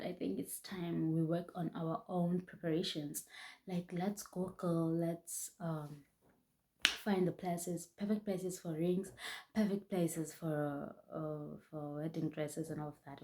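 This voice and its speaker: A young woman telling a painful personal story in a halting way, often restarting, her voice close to tears. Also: on the low side, dark tone. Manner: halting, restarts often, voice rising and breaking with emotion. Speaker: vlogger.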